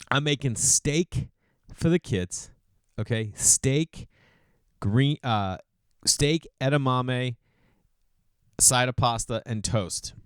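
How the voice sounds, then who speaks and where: A man in his thirties hosting a podcast, telling stories in a casual, animated monologue and slipping into mocking voices for the people he quotes. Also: medium pitch, smooth, no echo, studio quality. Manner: animated storytelling, mimics voices. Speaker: podcast host.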